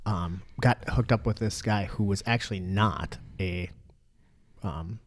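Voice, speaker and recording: A man with a fairly low voice talks casually on a podcast. He tells his story bluntly, swearing freely and laughing as he goes. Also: measured pace. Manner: frank, profane, laughs through his story. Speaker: podcast host.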